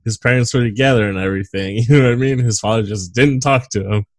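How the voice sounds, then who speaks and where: A man's voice: mid-range voice, quick pace, no room sound. A man co-hosting a casual movie podcast, reading from notes with lots of fillers and frequent laughs. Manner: laughs often, reads notes with filler words. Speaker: podcast co-host.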